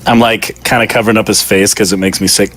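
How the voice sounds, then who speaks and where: A man's voice: on the low side, flat delivery, quick pace, fairly bright tone. A man playing a tabletop game who speaks politely and fussily in character. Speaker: player. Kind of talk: in-character tabletop role-play.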